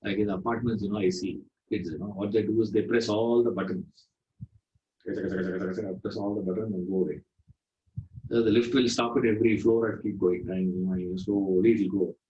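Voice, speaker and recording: A man's voice: fairly low pitch, level tone, a little fast, few pauses, dark tone, a little hiss or hum. A man with an Indian accent giving a spiritual discourse, telling stories in a conversational way and often saying "you know". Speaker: spiritual teacher. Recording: roomy, dull lo-fi sound.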